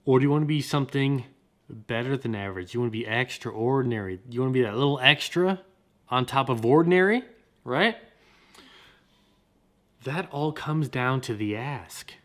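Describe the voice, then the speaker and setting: A man hosting a motivational podcast, talking in an energetic, slangy way and repeating his points. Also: mid-range voice, normal speed, pauses often. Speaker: podcast host.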